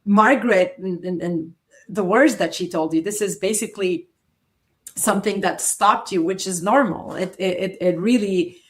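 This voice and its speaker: A woman's voice: mid-range voice, normal speed. A woman hosts a conversational interview, thoughtfully summing up her guest's story. She often repeats a word before finishing her thought. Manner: reflective, paraphrasing the guest, repeats words. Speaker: interview host.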